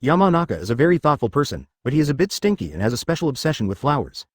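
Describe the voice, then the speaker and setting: A man reading a translated anime fan fiction aloud in a flat, literal way. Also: medium pitch, rapid-fire, no echo, clean studio sound. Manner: flat, literal delivery that reads symbols aloud. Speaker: narrator.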